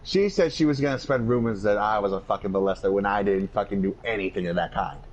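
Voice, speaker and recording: A man's voice: lowish voice, fast talker. Swearing man ranting on a podcast. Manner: profane, ranting delivery. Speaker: podcast host. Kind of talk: casual storytelling chat. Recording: dull lo-fi podcast audio.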